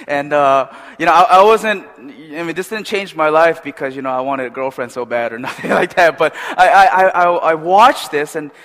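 A man preaching a sermon in a conversational, animated way, with restarts and asides. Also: fairly high pitch, normal speed, hardly any pauses, long reverb tail.

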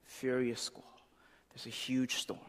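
A pastor preaches a conversational sermon, frequently checking in with "right?" asides. His medium-pitched voice is monotone and he takes it slowly, with the long reverb of a large hall.

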